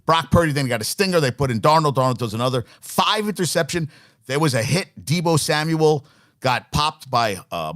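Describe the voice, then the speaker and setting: A man's voice: fairly high pitch, fairly bright tone. A man in his forties hosting a sports talk show, ranting with exasperation and swearing freely as he rattles off stats. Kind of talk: opinionated sports radio rant.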